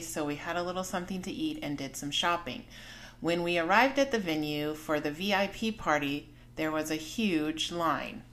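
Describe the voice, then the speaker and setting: Podcast host, woman, 40s; candid personal storytelling, slightly low pitch, frank. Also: fairly bright tone.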